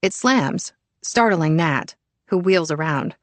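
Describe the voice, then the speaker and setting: A woman narrating a first-person thriller audiobook in a measured, even storytelling manner. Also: lowish voice, no echo.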